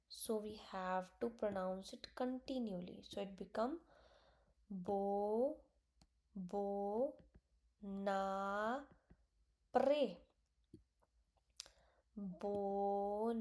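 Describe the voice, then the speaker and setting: Slow, mellow-voiced woman teaching French. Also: mid-range voice. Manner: slow, repeats each word, mixes in Punjabi and Hindi. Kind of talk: online language lesson.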